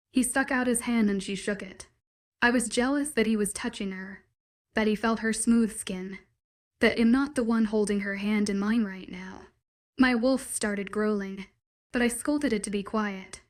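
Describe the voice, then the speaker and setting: A woman reads a first-person romance audiobook aloud in an even, steady way. Her voice sits at an ordinary middle pitch for a woman. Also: normal speed. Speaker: audiobook narrator.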